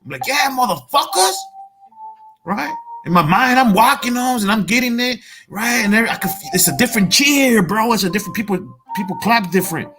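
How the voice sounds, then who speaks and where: A man's voice: high voice, lively intonation, fairly quick, few pauses, over music. A middle-aged man from Salinas, giving a fired-up, profane motivational monologue and calling the listener "homie.". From Salinas, California. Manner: streetwise, profane, repeats "homie" and "Holmes". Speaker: motivational speaker.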